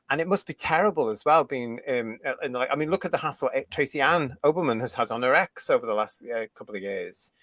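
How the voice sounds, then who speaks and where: A man's voice: medium pitch, fairly bright tone, no room sound. A man from the UK ranting indignantly in a casual podcast chat, swearing mildly. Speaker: podcast co-host.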